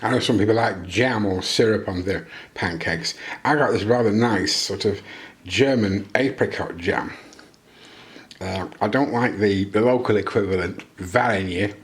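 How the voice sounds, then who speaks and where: A man's voice: on the low side, unhurried, echoey room. A British man cooking at home and chatting casually to the camera, making self-deprecating jokes as he goes. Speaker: vlogger. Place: home kitchen.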